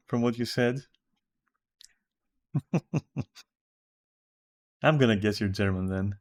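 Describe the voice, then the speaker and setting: A man's voice: lowish voice, slow pace, long pauses, soft background music. A man with a Greek accent chatting casually with viewers while streaming a game from home, rambling and swearing casually. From Greece.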